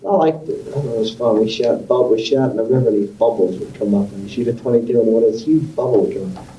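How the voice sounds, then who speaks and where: A man's voice: mid-range voice, fast talker, dark tone, distant mic, a little hiss or hum. Man telling rambling stories, roomy echo. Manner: rambling, does voices and sound effects in his stories. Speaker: interviewee. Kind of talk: casual storytelling about his youth.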